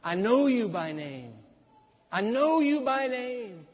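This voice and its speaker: A man's voice: a little high, lively intonation, moderate pace. God talking like a fond buddy , man preaching puts him on, muffled roomy sound. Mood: wry, fond. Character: God, calm, a fond old friend bargaining. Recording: dull, echoey hall recording.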